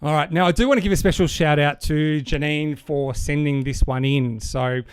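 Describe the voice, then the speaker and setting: A man's voice: a little high, steady tone, normal speed, clean tone. An Australian man co-hosting a podcast, chatting casually and rambling through a dad joke, with plenty of fillers and chuckles. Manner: rambling, fond of fillers, chuckles at own jokes. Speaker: podcast co-host.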